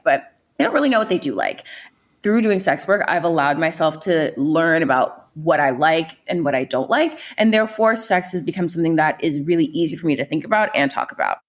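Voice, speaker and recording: A young woman from New York with a New York accent, a guest talking openly and chattily in a casual interview. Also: low-pitched. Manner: chatty, open, lively storyteller.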